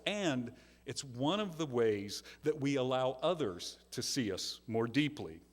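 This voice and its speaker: Man preaching in an echoing church. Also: mid-range voice. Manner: earnest storytelling with self-deprecating humor. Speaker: minister. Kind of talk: sermon. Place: large church sanctuary. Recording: long hall reverb.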